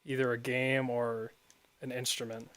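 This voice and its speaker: A man's voice: medium pitch, flat delivery, measured pace, a bit bright, dry recording. A young man streaming and chatting casually while gaming, rambling and often laughing at his own stories.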